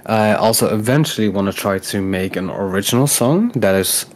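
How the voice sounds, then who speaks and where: An upbeat man chats as a podcast guest, with a somewhat low voice. He laughs often and pauses with "um" as he talks about his goals. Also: expressive, slight background noise. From Netherlands. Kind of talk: casual interview chat.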